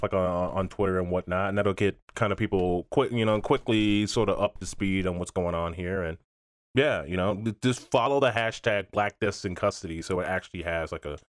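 A man's voice: sits low, no room sound. A man guesting on a podcast, telling a story in a loose, profane, laid-back way. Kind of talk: casual podcast chat. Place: in Australia now.

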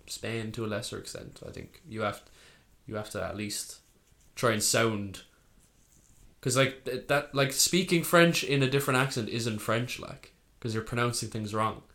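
Young male co-host, relaxed chatty banter, swears freely. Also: medium pitch, moderate pace. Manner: laid-back, swears freely, laughs often. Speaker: podcast co-host. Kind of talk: casual banter.

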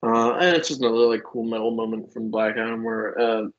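A man's voice: on the low side, level tone, a little fast, lo-fi sound. A man co-hosting a casual podcast chat, laughing often and full of fillers as he acts out quotes. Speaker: podcast co-host. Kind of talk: casual chat about comics.

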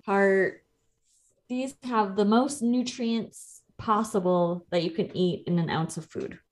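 A woman's voice: mid-range voice, takes it slowly. A woman in her thirties, a nutrition coach co-hosting a podcast, explaining things in a chatty, easygoing way and laughing easily. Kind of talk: casual podcast chat.

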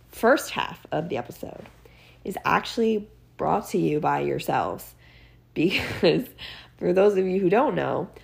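A teenage girl with a low, heavily gravelly voice, sounding congested from being sick. She hosts her own podcast and rants in a casual, sarcastic, exasperated way, filling her talk with "like". Her low pitch and rough fry stand out. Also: a little mellow. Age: teens. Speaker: podcast host. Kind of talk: casual ranting monologue.

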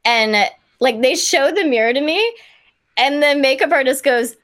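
As a guest performer, a young Kansas woman spins a casual story, bubbly and full of "like." She has a high, somewhat bright voice at a moderate pace, and the recording is dry.

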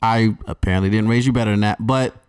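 A man's voice: fairly low pitch, fairly even intonation, quick pace, clean tone, no echo, clean studio sound. A man from North Carolina co-hosting a podcast, talking bluntly with lots of swearing and joking. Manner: blunt, swears a lot, jokes. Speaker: podcast co-host. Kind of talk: casual chat.

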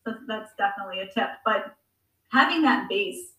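A woman in her forties, a guest on a podcast, telling her story in a chatty, animated way with frequent laughs. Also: medium pitch, normal speed, far from the mic. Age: 40s. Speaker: guest, amateur marathon runner. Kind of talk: conversational podcast interview. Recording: echoey room, voice a bit off-mic.

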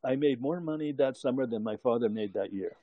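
A man's voice: medium pitch, fairly quick, phone-quality sound. An older man telling a long story in casual conversation, rambling, chuckling and correcting himself as he goes.

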